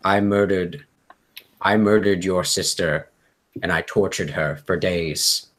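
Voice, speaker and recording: A man's voice: deep voice, fairly even intonation, slow pace, fairly bright tone, exaggerated voice. A man voicing a frightened balding male prisoner who stammers and pleads desperately. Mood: tearful confession.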